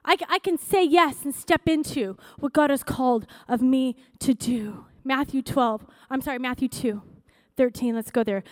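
A woman pastor preaching a sermon in a conversational, excitable way that rises to shouting. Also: sits high, normal speed, no room sound, clean studio sound.

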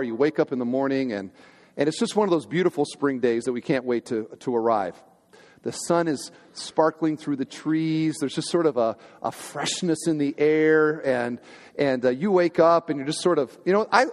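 A man's voice: medium pitch, animated, moderate pace. A man, a senior pastor, preaching a sermon to his congregation in a conversational, humorous way, often asking the hall questions. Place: church sanctuary. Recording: long hall reverb in a church.

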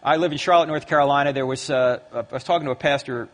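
A man in his fifties giving a lively talk to a live audience in a large hall, acting out the voices in his stories. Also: mid-range voice, fast. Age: 50s. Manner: lively storyteller who acts out quoted voices. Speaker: Christian apologetics speaker. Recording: long hall reverb.

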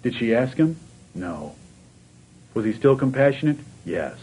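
A man's voice: medium pitch, very animated, unhurried, a little mellow, slightly rough, low-quality recording. A man preaching a sermon, asking the congregation question after question and rising to fervent emphasis.

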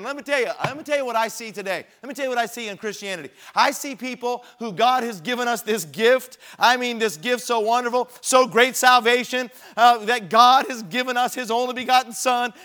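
High-voiced man preaching a storytelling sermon. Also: bright, forceful tone. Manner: storytelling, builds to emphatic preaching.

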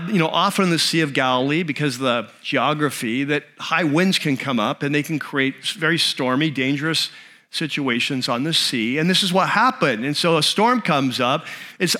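Bright-voiced male pastor preaching. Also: fairly high pitch. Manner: animated storytelling, conversational with restarts. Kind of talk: sermon.

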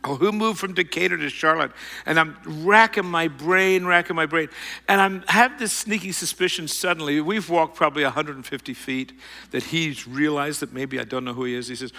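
A middle-aged man telling a self-mocking personal story to an audience, rambling and animated. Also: a little high, normal speed, vocal fry, long reverb tail.

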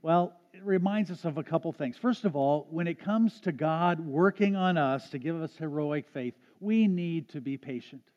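In a church sanctuary, a pastor preaches a sermon earnestly, often restarting his phrases. His voice is a little high, at a moderate pace with few pauses, and the sound is dull and echoey.

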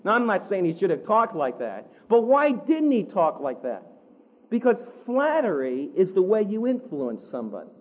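A man preaching a sermon, animated, acting out the quotes he tells. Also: high voice, moderate pace, highs cut off. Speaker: pastor.

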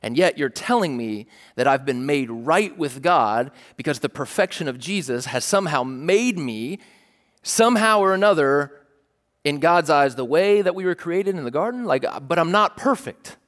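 A young adult man, a pastor, preaching a casual, animated sermon and calling out to the congregation. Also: a little high, moderate pace, big-room sound. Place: large church hall.

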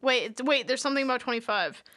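A woman's voice: high-pitched, fast, fairly bright tone, dry recording, studio quality. A woman co-hosting a podcast in casual chat, playful and giggly, with a teasing manner. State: shivering with cold. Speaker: podcast co-host.

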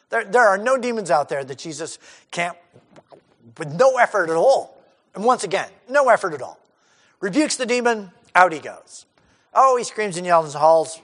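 A man preaching an expository sermon who acts out crowd voices and swings from loud to hushed. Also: sits high. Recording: hall reverb.

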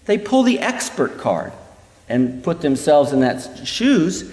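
Animated male Bible teacher in echoey hall. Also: fairly high pitch, slow. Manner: animated, acts out quoted voices.

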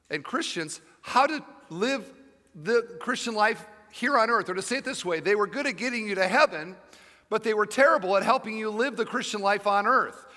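Bright-voiced male pastor preaching in a hall. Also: high voice. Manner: storytelling, emphatic, humorous asides. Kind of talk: sermon. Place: church sanctuary with live audience.

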